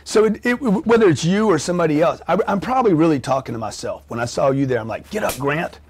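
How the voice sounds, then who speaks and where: A man's voice: a little high, expressive, quick pace, darkish tone, husky. A man speaking as an interview guest, brash and blunt, swearing freely. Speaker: guest, entrepreneur. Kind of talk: casual interview chat.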